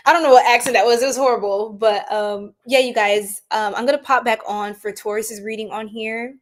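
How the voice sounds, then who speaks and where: A young woman hosts a casual reading livestream, talking straight to her viewers. Her voice is upbeat and a touch high, chatty and warm toward the people she calls out by name. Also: fairly even intonation, normal speed, hardly any pauses. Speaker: tarot reader livestream host.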